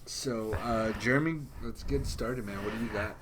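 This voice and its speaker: Relaxed man hosting a podcast. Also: lowish voice, moderate pace, a crowd in the background. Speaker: podcast host. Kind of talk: casual chat.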